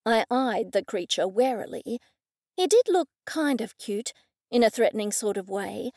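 A woman reads an audiobook in the first person. Her voice is fairly high, and her telling is clear and measured. The sound is close and dry, with no room echo. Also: expressive, a little mellow. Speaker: audiobook narrator. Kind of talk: scripted first-person narration.

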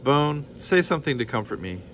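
A man voicing Pearl, a timid young female pig who pleads softly. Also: medium pitch, very animated, a little fast, a little hiss or hum, pitched above the performer's own voice. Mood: frightened. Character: frightened young girl pig, tender, timid.

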